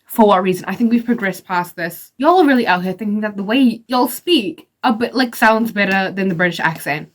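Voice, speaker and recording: A woman's voice: mid-range voice, lively intonation, brisk. Blunt, sassy young woman ranting. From outside the United States. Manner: blunt, sassy, profane, lots of "like" fillers. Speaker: vlogger. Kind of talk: casual opinionated rant to camera.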